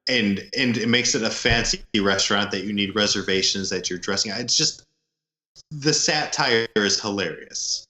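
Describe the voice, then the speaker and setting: Bright-voiced male co-host in an echoey room. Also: fairly low pitch, normal speed. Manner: loose, joking, lots of fillers. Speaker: podcast co-host. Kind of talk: casual movie review chat.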